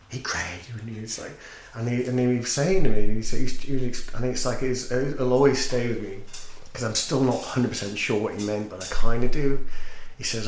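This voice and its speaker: Brisk and medium-pitched, barely pausing, a teacher and singer tells his story as a podcast guest. The casual interview finds him earnest and reflective, and the room echoes with a little background noise.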